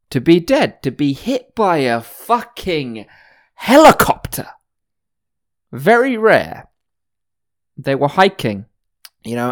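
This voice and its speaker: Man, mixed British accent, podcast host, profane, boastful rambling rant. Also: mid-range voice.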